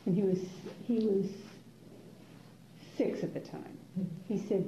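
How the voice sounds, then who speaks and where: Gentle older woman teaching meditation, warm, low-key voice, pauses a lot, echoey lo-fi room sound. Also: a little hiss or hum. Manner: unhurried and musing, with soft laughs and many pauses. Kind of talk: reflective dharma talk to a class. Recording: roomy, dull lo-fi room recording.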